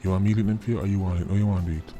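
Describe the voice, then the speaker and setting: A man's voice: sits low, fairly even intonation, racing, mellow, soft background music. A man with a Jamaican accent giving casual, mocking commentary in patois, often tagging his lines with "right?". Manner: mocking, repeating tag words like "right?".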